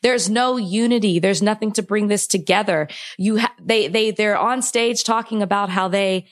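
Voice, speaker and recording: A woman's voice: medium pitch, normal speed. A young woman co-hosting a podcast, speaking with impassioned frustration, near tears, often restarting her sentences. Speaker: podcast co-host. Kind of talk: emotional podcast conversation.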